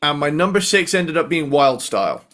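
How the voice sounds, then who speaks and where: A man co-hosting a podcast, casually explaining his reasoning in a measured way with small restarts. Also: a little high, sing-song, a bit bright. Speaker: podcast co-host. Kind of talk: casual chat.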